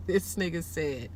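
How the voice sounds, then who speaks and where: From her car, a woman rideshare driver tells the camera a story, casual and animated, cursing freely and jumping high in pitch when excited. There's slight background noise.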